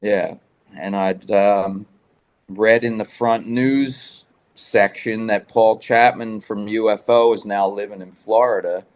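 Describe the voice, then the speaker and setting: A man's voice: fairly low pitch, steady tone, slow pace. A man guest telling rambling rock-scene stories in a casual interview, swearing freely. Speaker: guest musician.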